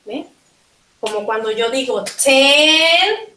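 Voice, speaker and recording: A woman from Panama with a Panamanian Spanish accent, teaching a linguistics class and slowly repeating words to model pronunciation. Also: high voice, bright, forceful tone, reverberant, a little hiss or hum, rough recording. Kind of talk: bilingual classroom lecture.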